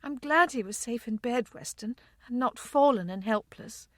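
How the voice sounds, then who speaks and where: A woman reading the part of a grieving young wife in an audiobook, her delivery soft and tremulous. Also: on the high side, moderate pace, no echo, clean studio sound, pitched above the performer's own voice, natural voice.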